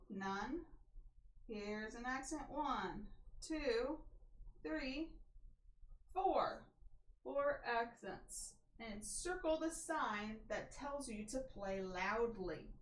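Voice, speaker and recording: Slow-talking woman teaching music theory, echoey room. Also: a little high, expressive. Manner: chatty, talks to herself while working through answers. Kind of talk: casual walkthrough of a theory workbook. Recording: echoey room with faint noise.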